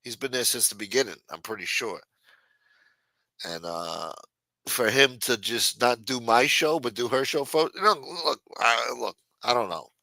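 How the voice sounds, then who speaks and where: A man's voice: medium pitch, animated, normal speed, creaky, pushed and bright, no room sound. A man hosting a livestream, chatting casually and profanely to his chat and acting out quotes as he retells stories. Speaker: livestream host.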